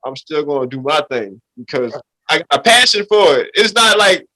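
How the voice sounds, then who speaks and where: A man's voice: on the high side, big pitch swings, normal speed, pushed and bright, low-quality recording. A middle-aged man from Louisiana, a rapper guest talking loosely and repetitively in a casual podcast chat. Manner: loose, repetitive street talk, "you feel me".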